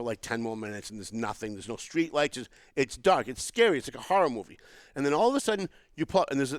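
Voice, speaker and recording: A man's voice: mid-range voice, no echo. A man from the area, hosting a podcast and telling a long story with lots of restarts. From Boston area. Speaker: podcast host. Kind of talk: casual political chat.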